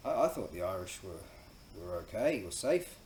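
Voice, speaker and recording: A man's voice: sits low, very animated, moderate pace. A man with an Australian accent telling a rambling, profane story in a casual monologue, full of fillers and laughing at himself. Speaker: host. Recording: echoey room with faint ambient noise.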